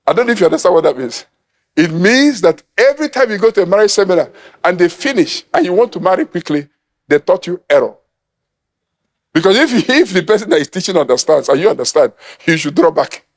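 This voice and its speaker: A man's voice: sits high, very animated, a little fast. A middle-aged man from Nigeria preaching an emphatic sermon, acting out quoted voices and laughing at his own points. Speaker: apostle preaching.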